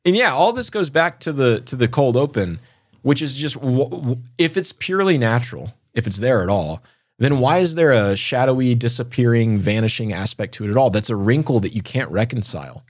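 In clean, echo-free studio sound, a man with a mid-range voice, lively intonation, and a fairly quick pace reads an eerie scripted story with drama. Then he chats casually and jokes around with his podcast co-host.

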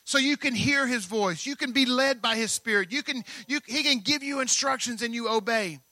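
A man's voice: very high voice, normal speed, sharp tone, dry recording. A male pastor preaching a sermon, emphatic and full of repeated phrases.

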